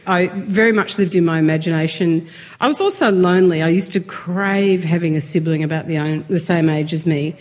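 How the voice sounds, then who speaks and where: A woman's voice: fairly low pitch, fairly quick. A woman guest in a casual interview, chatty and self-deprecating, laughing often as she talks.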